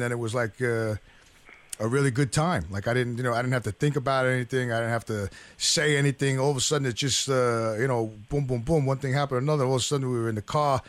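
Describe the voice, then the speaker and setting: A man's voice: medium pitch, no echo. A middle-aged man in an audience chatting casually, telling a crude story in a rambling way. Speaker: audience member. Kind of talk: casual chat.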